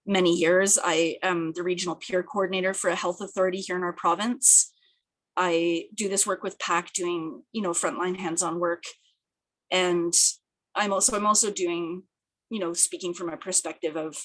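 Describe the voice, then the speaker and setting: A speaker, giving an earnest, thoughtful webinar presentation over a video call, slightly hoarse and often restarting phrases. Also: female voice, on the low side, fairly bright tone. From British Columbia, Canada. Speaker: peer project coordinator and presenter. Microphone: video call, camera off.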